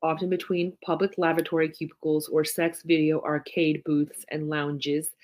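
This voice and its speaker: A woman co-hosting a podcast, telling stories casually and swearing freely. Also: sits low. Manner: swears freely, animated storytelling. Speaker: podcast co-host. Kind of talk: casual chat.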